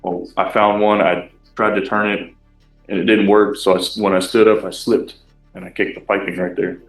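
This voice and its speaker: A man's voice: fairly low pitch, level tone, normal speed, faint music behind. A man testifying as a defendant in court, hesitant, with many restarts. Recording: echoey courtroom audio.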